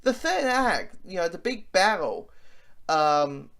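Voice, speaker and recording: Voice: mid-range voice, sing-song, takes it slowly, gravelly, fairly bright tone. An enthusiastic movie reviewer who talks casually and rambles, restarting sentences often. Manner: rambling, with many fillers and restarts.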